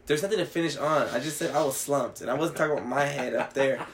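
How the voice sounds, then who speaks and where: A man's voice: mid-range voice, fast. A young man, co-hosting a podcast and telling a rambling, profane story over faint room noise. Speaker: podcast co-host. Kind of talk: casual chat.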